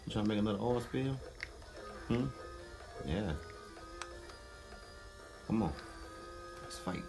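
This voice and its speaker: A man's voice: lowish voice, lively intonation, slow pace, over music. A vlogger dad with a playful, teasing way of talking. His voice moves freely up and down as he coaxes his son along in casual family chat.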